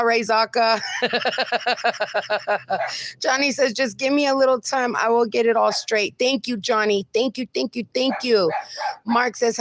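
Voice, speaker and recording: A woman hosting a casual livestream from home, reading out viewer comments and greeting each person warmly with pet names like darling. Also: on the high side. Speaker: livestream host. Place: home with dogs.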